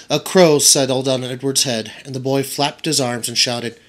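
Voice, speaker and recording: A man's voice: medium pitch, fairly even intonation, normal speed. A man, a teacher, narrating a children's audiobook aloud for his students.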